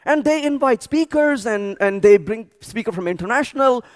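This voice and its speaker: A man speaking at a programming conference, telling animated stories with frequent restarts and repeated words. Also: very high-pitched, normal speed. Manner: animated storytelling with many restarts. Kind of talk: energetic tech conference talk. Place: large conference hall.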